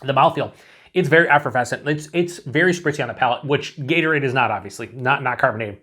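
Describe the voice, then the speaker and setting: A chatty man rambles through a casual solo beer review in a mid-range voice, quick, pushed and bright. He's enthusiastic, says "like" a lot, restarts his sentences often and swears casually.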